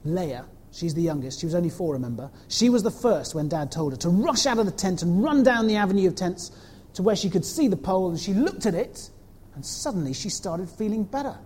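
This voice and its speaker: A woman telling a story to children in an animated way, asking them questions as she goes. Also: fairly low pitch, a little fast, long reverb tail, a little hiss or hum. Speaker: children's talk leader.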